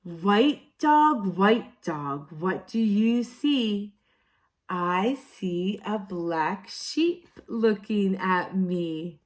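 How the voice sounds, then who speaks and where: Slow sing-song woman teacher reading aloud. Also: mid-range voice, lively intonation. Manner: slow, sing-song, exaggerated storybook delivery with playful asides. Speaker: kindergarten teacher. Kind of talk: reading picture books aloud to young children.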